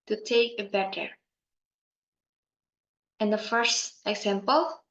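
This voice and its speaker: A young woman giving a class presentation, speaking slowly and carefully with pauses and fillers. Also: medium pitch. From Indonesia. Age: young adult. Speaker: student presenter. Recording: muffled sound in an echoey room.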